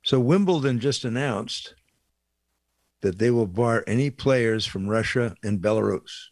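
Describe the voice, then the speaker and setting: A man's voice: mid-range voice, measured pace, dry recording. An older man giving a blunt, indignant opinion monologue, rambling with fillers and asides. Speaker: commentator.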